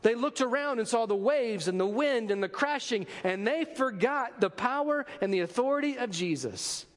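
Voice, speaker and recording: A man's voice: very high-pitched, lively intonation, moderate pace, in a large hall. A man preaching a sermon in a conversational way, asking rhetorical questions and adding joking asides. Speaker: pastor.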